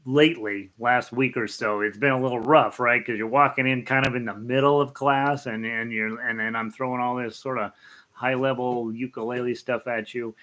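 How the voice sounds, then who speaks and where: A man's voice: mid-range voice, fairly even intonation, moderate pace, pushed and bright. A middle-aged man, a ukulele teacher hosting a live stream, chatting casually and greeting viewers by name, rambling with many fillers. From United States.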